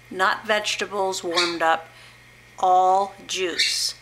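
A woman's voice: medium pitch, noisy background. A woman in her fifties from the Pacific Northwest, chatting at home in a rambling, enthusiastic way for her video blog. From Pacific Northwest, USA. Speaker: juicing vlogger. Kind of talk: casual home vlog. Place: home with a pet bird.

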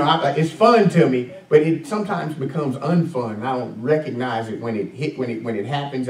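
Middle-aged-sounding male pastor preaching in an echoey church. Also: mid-range voice. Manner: conversational preaching with many fillers and audience questions. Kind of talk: sermon. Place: church sanctuary. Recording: echoey church room, mic at a distance.

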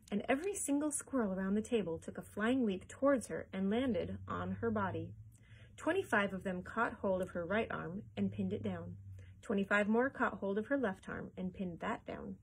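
A woman reads a children's chapter book aloud with animated, expressive storytelling. Her voice is mid-pitched with a husky grain. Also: rough recording. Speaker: children's librarian.

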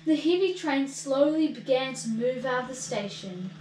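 Woman, children's storybook reader, expressive, sing-song, bouncy intonation, distant mic. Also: sits high, normal speed, slight background noise. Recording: echoey room, far from mic.

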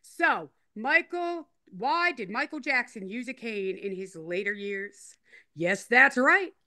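A woman's voice: medium pitch, expressive, unhurried, pushed and bright. A woman interview guest in a casual chat, rambling, repeating herself and teasing in a playful way. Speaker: interview guest telling her story.

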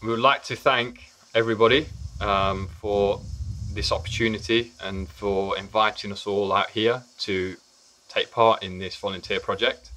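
A man's voice: on the low side, fairly even intonation, normal speed, bright, forceful tone, a little hiss or hum, rough recording. A young man from Barbados giving casual thanks on camera and laughing easily. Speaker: training programme participant.

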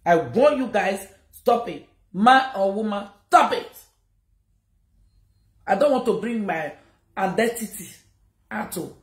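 A woman's voice: medium pitch, lively intonation, measured pace, roomy sound. A Nigerian woman giving an emotional live video message, scolding and repeating her warnings. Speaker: social media personality.

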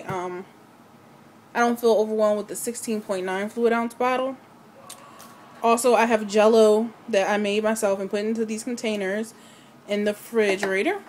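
A woman's voice: mid-range voice, steady tone, moderate pace, a little hiss or hum. Breathless woman in a video diary. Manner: hesitant, many ums and restarts. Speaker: vlogger. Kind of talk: casual home video diary.

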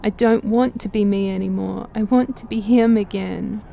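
A woman voicing a haunted, possessed young male herder in a role-playing game, pleading in a broken, slow way. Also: medium pitch, steady tone, vocal fry, dull audio, slight background noise, natural voice.

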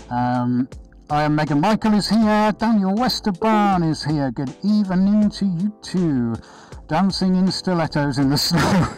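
A man with a slightly high voice chats through a live painting stream in his studio, upbeat and friendly as he greets viewers by name. Soft music plays faintly in the background. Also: low-quality recording. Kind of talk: casual live-stream chat. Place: art studio, indoors. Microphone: body-worn chest camera.

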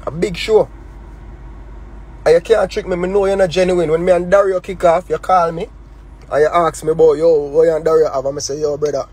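A man with a Jamaican accent addresses someone directly over a phone livestream, speaking heated patois full of repetition and rhetorical questions. His voice is slightly husky and sits a little high for a man, and he presses his points with fervour. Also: little pitch movement, fast, a little mellow, poor audio. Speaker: artist on a live stream.

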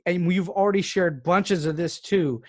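A man's voice: high voice, moderate pace. A man hosting a podcast interview, laughing along and asking questions in an appreciative, encouraging way. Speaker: podcast host. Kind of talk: casual interview.

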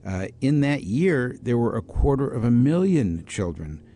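A man's voice: mid-range voice, a little slow. An older man, a doctor and author, telling stories in an interview, acting out quoted voices and often restarting his sentences. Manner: animated storyteller who acts out quoted voices, frequent restarts. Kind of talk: storytelling interview.

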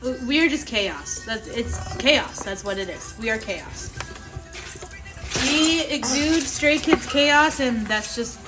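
A woman's voice: a little high, animated, slow. A woman hosting a casual home livestream with her young child, chatty and playful, laughing often. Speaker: livestream host and mother. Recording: livestream with music playing behind. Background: music playing.

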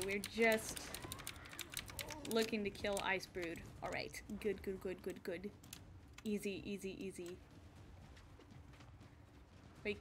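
A woman's voice: mid-range voice, fairly bright tone, a little hiss or hum. A woman streamer chatting casually while she plays a game, laughing often and restarting her sentences, her voice a little off today. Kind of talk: casual live-stream chat while gaming.

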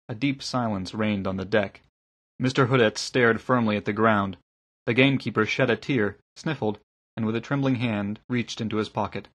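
Husky-voiced man narrating an audiobook. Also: fairly low pitch, moderate pace, a bit bright.

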